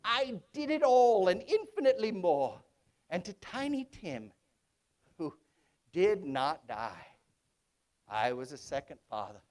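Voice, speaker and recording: A man's voice: measured pace, long pauses. A man playing a giddy old reformed miser. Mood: earnest. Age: older. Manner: exuberant, chuckling, switches between high excitement and low hushed narration. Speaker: stage performer in a one-man show. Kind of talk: theatrical storytelling monologue.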